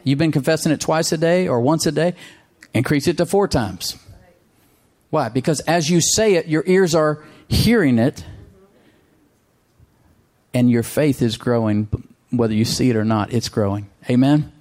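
A man's voice: a little high, normal speed, a little mellow. Emphatic male preacher calling for amens. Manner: emphatic, calls for amens, repeats phrases. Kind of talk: sermon.

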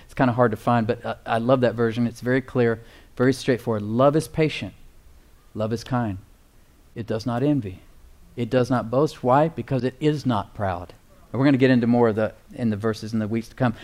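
A man preaching a sermon, slowing down to stress key phrases and calling for responses from the congregation. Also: medium pitch, a little mellow. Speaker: pastor.

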